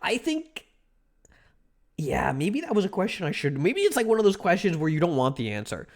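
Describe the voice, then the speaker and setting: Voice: mid-range voice, very animated, fast, darkish tone. A livestreamer chatting casually with viewers, rambling with many restarts and filler words.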